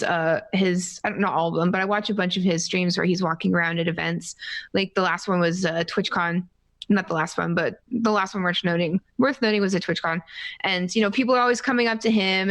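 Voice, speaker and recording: A woman's voice: lowish voice, no room sound. A young woman from Canada, co-hosting a podcast, telling a story in casual chat with self-deprecating asides and acted-out quotes. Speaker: podcast co-host.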